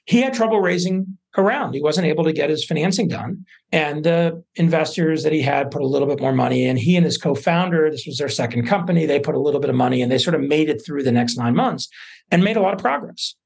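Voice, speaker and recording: A man, a venture investor, telling stories in a relaxed interview with many fillers and restarts. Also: a little high, quick pace, vocal fry, husky. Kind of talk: casual interview talk.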